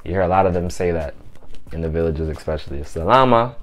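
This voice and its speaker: A man giving a casual language lesson, repeating each phrase slowly and clearly and explaining in a loose, relaxed way. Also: deep voice. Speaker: language teacher.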